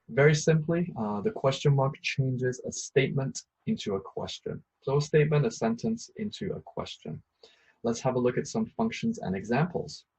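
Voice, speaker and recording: A man's voice: mid-range voice, a little mellow, slightly rough, rough recording. A man teaching an English grammar lesson, patiently repeating each point with a few ums and uhs.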